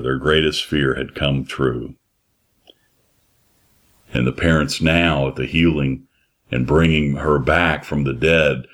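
A man preaching a sermon in a slow, emphatic way, repeating his phrases. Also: a bass voice, a bit bright.

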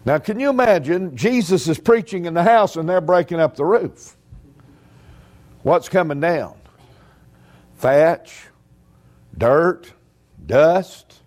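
Male preacher, folksy and humorous, slightly high voice. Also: expressive, slow, pauses often, a little mellow. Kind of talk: sermon.

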